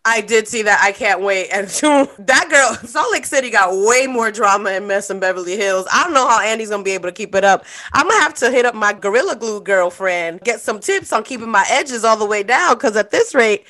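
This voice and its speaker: A woman's voice: mid-range voice, lively intonation, a little fast, few pauses, pushed and bright. A woman co-hosting a casual recap chat, joking in a sassy, slangy way. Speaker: podcast co-host.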